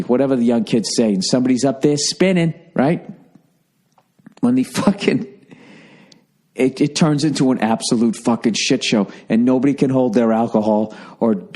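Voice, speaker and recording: A man's voice: mid-range voice, mellow. A man in his forties with a Boston accent, telling a rambling, profane, sarcastic story in a casual comedic monologue. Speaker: podcast host.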